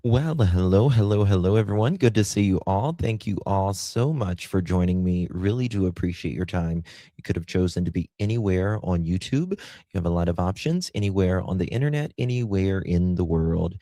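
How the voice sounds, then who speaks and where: Male livestream host, deep mellow voice, chatty and halting with fillers. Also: animated, no echo, studio quality. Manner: thanks viewers one by one, affectionate pet names. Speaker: host of a true crime livestream. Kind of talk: casual livestream chat.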